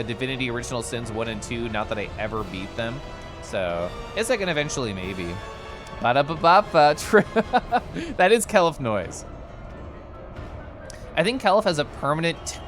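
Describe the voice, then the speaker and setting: A man's voice: mid-range voice, sing-song, moderate pace, soft background music. A man streaming live, chatting casually and playfully with his chat, often laughing and making silly noises.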